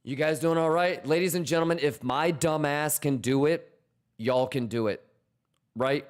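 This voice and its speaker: A man's voice: on the high side, moderate pace. A man streaming live, chatting casually with viewers about crypto trades in a hyped, profane, teasing manner, repeating questions to the chat.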